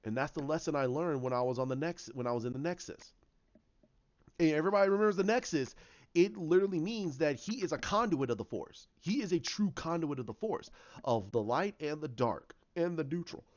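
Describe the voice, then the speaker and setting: A man casually retelling his own story idea, rambling with many restarts and acting out the quotes in a lower voice. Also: animated, brisk, darkish tone. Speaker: fan commentator. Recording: dull lo-fi sound.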